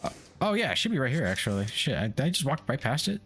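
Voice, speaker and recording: A man's voice: mid-range voice, big pitch swings, fast talker, fairly bright tone, faint music behind. A man streaming a video game, chatting casually and profanely with his viewers in a rambling, joking way. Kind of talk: casual live-stream chat while gaming.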